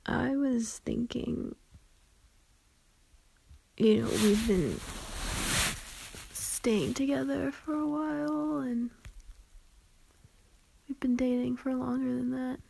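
A young woman in a whispered role-play, talking softly, tenderly and reassuringly, with frequent giggles. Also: high-pitched, slow pace, creaky, long pauses, slight background noise, low-quality recording. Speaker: ASMR performer.

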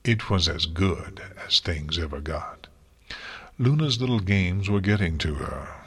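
A man reads a storybook aloud in a steady, even manner. His voice sits low and carries a husky grain. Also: measured pace. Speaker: narrator. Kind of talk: storybook reading.

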